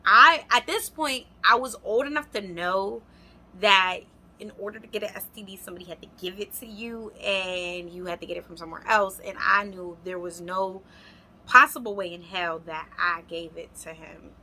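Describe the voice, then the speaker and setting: A woman's voice: medium pitch, normal speed, pushed and bright. A young adult woman, animatedly telling a storytime vlog and speaking straight to her viewers. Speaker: vlogger. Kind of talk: storytime vlog, casual chat.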